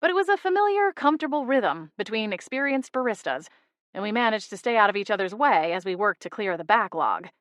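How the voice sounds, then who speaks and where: Bright, dry-voiced woman narrating. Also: medium pitch, big pitch swings, brisk, dry recording. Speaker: audiobook narrator. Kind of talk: first-person scripted narration.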